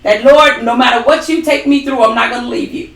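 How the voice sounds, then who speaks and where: Her voice sits on the high side, steady in tone and a bit bright, with a brisk delivery. As co-host of a ministry program, she shares a forceful personal testimony laced with dramatic quotations. The mic is far away and the room echoes.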